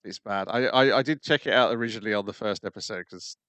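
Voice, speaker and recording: A man's voice: on the low side, fast, fairly bright tone, no echo. A man co-hosting an anime podcast in casual chat, giving blunt opinions with plenty of ums. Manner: blunt, frank opinions with fillers. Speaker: podcast co-host.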